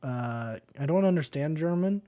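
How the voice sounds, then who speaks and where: A man's voice: fairly high pitch, expressive, normal speed, dark tone, smooth. A man co-hosting a music reaction podcast in a laid-back, jokey casual chat. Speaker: podcast co-host.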